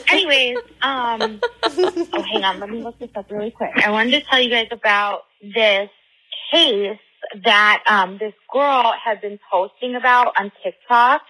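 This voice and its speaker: A woman's voice: on the high side, a little slow, pushed and bright, poor audio. A woman in her twenties leaving a rambling voicemail in a playful, put-on Southern drawl. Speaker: voicemail caller.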